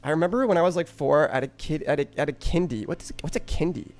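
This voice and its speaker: A man's voice: fairly high pitch, quick pace, a little mellow. A man streaming live, telling a rambling story to his chat, swearing freely and often breaking into laughter.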